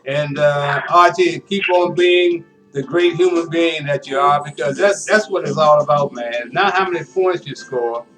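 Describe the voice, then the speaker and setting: A man hosts a sports interview show in a relaxed, folksy manner, his voice sitting a little high. He talks casually and often adds "man" to the ends of his sentences. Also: unhurried, few pauses, music in the background. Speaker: sports talk show host.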